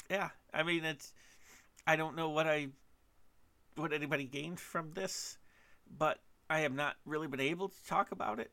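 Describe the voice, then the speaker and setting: A man talks through a solo podcast monologue in a gravelly, bright-edged voice. He is hesitant and halting, restarting his sentences often and running himself down as he goes. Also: on the high side. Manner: self-deprecating. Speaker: podcast host.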